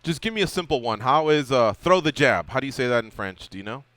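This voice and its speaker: A man's voice: mid-range voice, animated, fast, fairly bright tone, no echo. A male radio host chatting casually about fighting, joking and teasing his guest. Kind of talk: casual sports radio chat.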